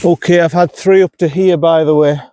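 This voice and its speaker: A North East English man vlogs his golf round outdoors, narrating each shot and growing frustrated and self-critical about his play. His voice is on the high side with fairly even intonation, a little fast, and dark in tone, recorded dry.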